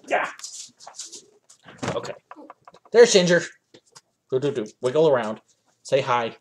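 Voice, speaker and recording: A man's voice: high voice, lively intonation, measured pace, long pauses, slight background noise. A young man from the United States hosting a livestream Q&A from his home office, chatting casually with lots of ums and uhs. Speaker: livestream host answering viewer questions.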